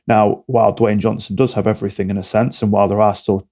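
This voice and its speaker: A man speaks as a coaching guest on a podcast. He is blunt, direct and motivational. His low voice stays level, with a gravelly, mellow tone. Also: flat delivery, quick pace, few pauses. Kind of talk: podcast interview talk.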